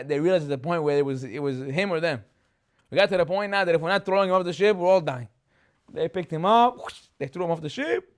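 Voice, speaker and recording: A rabbi leads a chatty Torah class, telling stories with animation, acting out the characters, and posing rhetorical questions. His male voice is fairly high-pitched and he talks fast.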